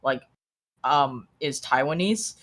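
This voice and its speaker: A woman who speaks both Mandarin and English tells stories casually on a livestream, pausing now and then to search for words. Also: very deep voice. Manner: animated storytelling with hesitations. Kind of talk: casual group chat.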